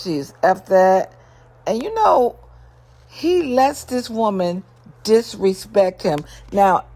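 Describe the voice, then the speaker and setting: A woman vlogger giving a sassy, animated recap of a reality show, full of exasperated rhetorical questions and big swings in pitch.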